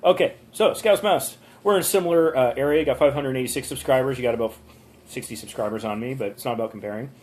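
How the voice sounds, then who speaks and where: This is casual live-stream commentary from a man in a motel room, phone in hand, talking loosely through his viewers' channel reviews. He talks fast in a medium-pitched, slightly mellow voice, rambling with frequent ums and a few small rants.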